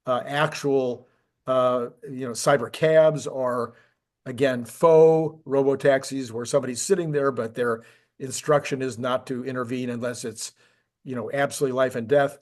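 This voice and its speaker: A man's voice: mid-range voice, fairly even intonation, normal speed. A man co-hosting a casual tech discussion, enthusiastic and rambling, with frequent restarts. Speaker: podcast co-host.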